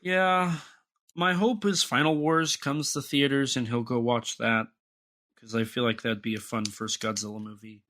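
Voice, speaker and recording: Young male podcast co-host, bright forceful tone, rambling chatty delivery full of restarts. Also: medium pitch, steady tone. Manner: rambling, halting, many restarts and fillers. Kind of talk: casual podcast chat.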